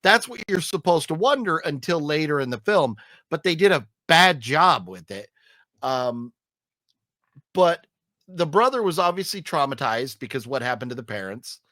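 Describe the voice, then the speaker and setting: A man rants his way through a movie review with a fairly high voice that swoops up and down. He is profane and animated, and he mocks the film's scenes. The sound is close and dry. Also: moderate pace, dry recording. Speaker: film reviewer, podcast host. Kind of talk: casual movie review chat.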